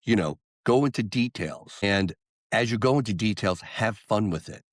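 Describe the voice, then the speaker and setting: A man, a singer-songwriter guest on an interview podcast, telling a story and acting out the quotes with lively jumps in voice. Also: lowish voice, normal speed, no room sound, studio quality.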